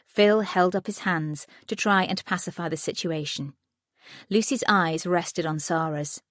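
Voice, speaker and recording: A woman reads an audiobook thriller in a steady, even manner. Her voice sits low, and the dry studio sound keeps her close to the mic. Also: a little slow, dry recording. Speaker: audiobook narrator. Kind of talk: scripted narration.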